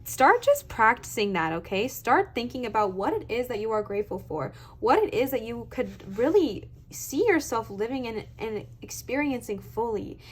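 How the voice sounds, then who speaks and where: A woman's voice: a little high, very animated, moderate pace, few pauses, breathy edge. A young woman giving a pick-a-card tarot reading in an earnest, emphatic way, close to tears and repeating affirmations. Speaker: tarot reader.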